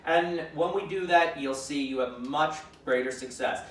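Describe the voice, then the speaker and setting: A man giving a dog-training lesson, explaining calmly and acting out commands aloud. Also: a little high, moderate pace, faint music behind. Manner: calm, demonstrates commands aloud. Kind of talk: instructional demonstration. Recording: echoey room, mic at a distance.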